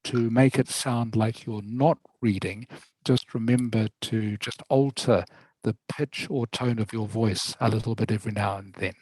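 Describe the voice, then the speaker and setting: A man's voice: lowish voice, steady tone, normal speed, darkish tone, husky, no room sound, low-quality recording. A man teaching English over a video call, patiently giving feedback and often checking that his student follows. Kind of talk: online lesson feedback.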